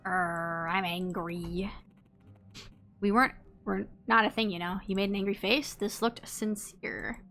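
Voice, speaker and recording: A woman's voice: medium pitch, normal speed, gravelly, hardly any pauses, fairly bright tone, faint music behind. A woman streaming a story game, chatting casually and thinking aloud at a desk microphone as she picks options. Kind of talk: casual gameplay commentary.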